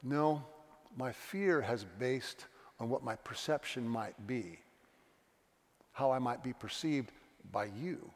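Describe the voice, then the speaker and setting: A middle-aged pastor preaching a sermon, earnest and confessional, telling stories with voiced quotes. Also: male voice, medium pitch, slow pace, pauses often. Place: church sanctuary. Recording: long church reverb.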